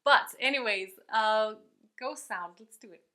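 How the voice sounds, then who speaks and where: Woman voice teacher, higher pitch, bright tone, chatty and upbeat. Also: fairly quick. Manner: upbeat and chatty, breaks off to demonstrate sounds. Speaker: vocal coach. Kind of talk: online singing lesson.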